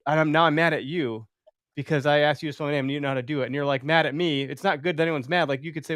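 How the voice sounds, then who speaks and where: A man in his thirties hosting a casual podcast chat, animated and profane, acting out other people's voices as he talks. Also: fairly high pitch, fast, no room sound, clean studio sound. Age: 30s. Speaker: podcast host.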